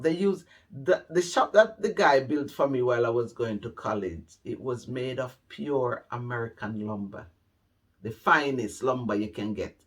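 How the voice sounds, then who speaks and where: A man's voice: mid-range voice, fairly bright tone. A middle-aged Jamaican man telling his life story to camera, heartfelt and repeating phrases for emphasis. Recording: voice a bit distant from the mic.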